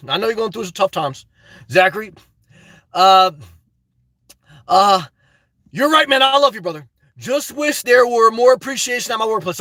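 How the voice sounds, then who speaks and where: Very high-pitched, bright-voiced man streaming. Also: no room sound. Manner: high-energy, gushing and effusive toward viewers. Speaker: live streamer reading chat and donations. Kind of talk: casual live-stream chat.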